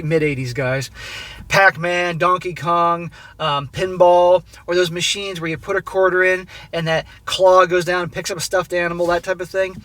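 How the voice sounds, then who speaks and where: A man's voice: a little high, pushed and bright. A man in his forties from Southern California gives blunt, profane life advice to his viewers and keeps calling them "guys.". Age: 40s. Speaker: advice channel host. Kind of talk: casual advice monologue.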